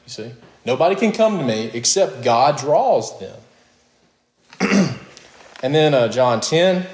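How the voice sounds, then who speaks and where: Male preacher, mid-pitched, emphatic sermon delivery with sharp rises on questions, echoey room sound. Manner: emphatic, rising to high questions, with short laughs.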